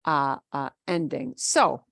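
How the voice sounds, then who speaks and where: A woman's voice: extremely low pitch, slow pace, creaky, fairly bright tone, dry recording. A woman teaching a Spanish grammar class, explaining patiently in a casual, repetitive way and spelling words out letter by letter. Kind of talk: online class lecture.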